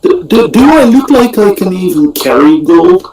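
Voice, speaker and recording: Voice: mid-range voice, very animated, moderate pace, crowd noise, poor audio. A player speaking in character during a tabletop game, blunt and direct. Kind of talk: in-character play.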